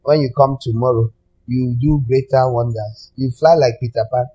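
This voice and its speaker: A male pastor preaching a sermon in an animated way, breaking into sudden high mocking cries. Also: moderate pace, slightly rough, lo-fi sound.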